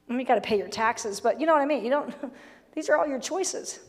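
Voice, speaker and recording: Woman pastor, high voice, emphatic blunt preaching, humorous asides, long church-hall reverb. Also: lively intonation, brisk. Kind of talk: sermon. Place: church sanctuary.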